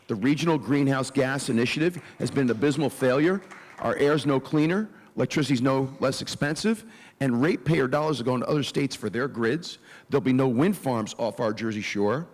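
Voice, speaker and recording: Assertive man on a forum stage, mid-pitched, listing his plans, with long reverb from a big hall. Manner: forceful, declarative, lists plans point by point. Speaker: political candidate. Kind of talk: campaign forum answers. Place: event hall.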